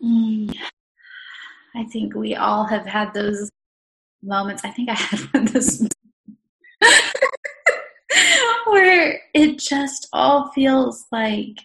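A woman in casual conversation, soft and reflective in her responses. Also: on the high side, expressive, extremely slow, creaky, long pauses, poor audio.

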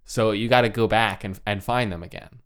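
A man's voice: on the low side, steady tone, brisk, a bit bright, clean tone, lightly acted. A man voicing a bossy, angry ogre wife who scolds and swears at her husband. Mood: scolding.

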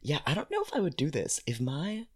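A woman's voice: deep voice, huge pitch swings, a little fast, breathy edge. A young woman co-hosting a casual book discussion, making wry, matter-of-fact comments. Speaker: podcast co-host.

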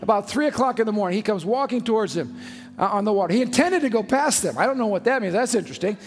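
Male pastor, high voice, chatty and emphatic sermon in a reverberant church. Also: expressive, quick pace. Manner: emphatic, conversational, rhetorical questions. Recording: long hall reverb, faint music behind.

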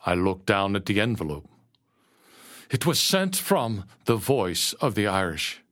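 A man narrating a first-person story slowly and earnestly, dropping to a hush at moments. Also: fairly low pitch, sing-song. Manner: slow, earnest storytelling with quiet hushed moments.

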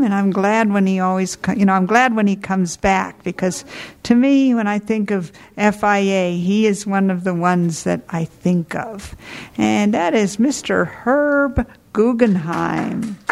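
A woman's voice: medium pitch, gravelly, a little mellow. A woman hosting a poetry reading, chatting and introducing the next reader. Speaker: host of a reading evening.

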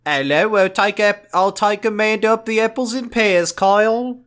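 A man's voice: high voice, normal speed, a bit bright, pitched above the performer's own voice. A man voicing a brash, threatening Cockney man in a hammy mock Cockney accent. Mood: menacing. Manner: exaggerated, hammy.

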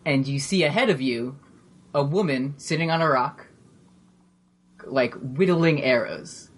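Husky laid-back game master man. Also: a little high, unhurried. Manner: laid-back, swearing, laughs at himself. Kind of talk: narrating a tabletop game.

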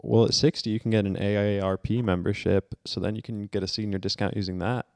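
A man in his twenties co-hosts a podcast with deadpan wisecracks. His voice is low and gravelly. The sound is close and dry. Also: fast talker, no room sound. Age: 20s. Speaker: podcast co-host. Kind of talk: casual banter.

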